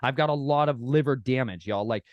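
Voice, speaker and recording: A man talking casually as a podcast guest, folksy and animated, often addressing listeners as y'all. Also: medium pitch, brisk, dry recording, dull audio. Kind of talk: casual storytelling chat.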